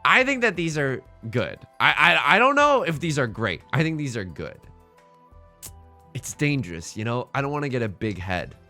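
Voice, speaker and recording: A young man giving casual, joking commentary over his own gameplay, slipping in quick impressions. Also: mid-range voice, big pitch swings, pushed and bright, soft background music. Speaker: let's play streamer. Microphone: headset mic.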